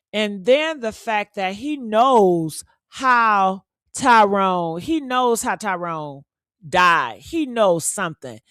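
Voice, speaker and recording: A woman with a hoarse voice hosting a casual live stream, talking straight to her viewers. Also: medium pitch, fairly bright tone, no room sound, clean studio sound. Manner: chatty, addresses viewers directly.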